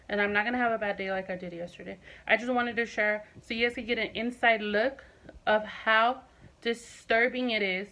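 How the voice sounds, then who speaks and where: A woman's voice: medium pitch, fairly bright tone, low-quality recording. A woman in her twenties speaking to her viewers in a personal vlog, impassioned and emphatic, repeating points for stress. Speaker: vlogger.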